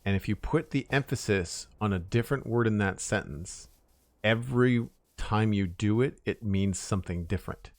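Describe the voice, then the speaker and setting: A man with a fairly low voice talks casually with viewers while he plays a building game. He rambles, restarts his sentences and leans on fillers, in an unhurried live-stream chat. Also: no echo. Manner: rambling, chatty, with fillers and self-corrections.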